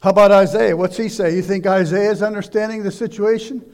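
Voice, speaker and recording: A man preaching a sermon, loud and emphatic, shouting exhortations and dropping into quiet asides. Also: high-pitched, steady tone, a little fast. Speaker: pastor.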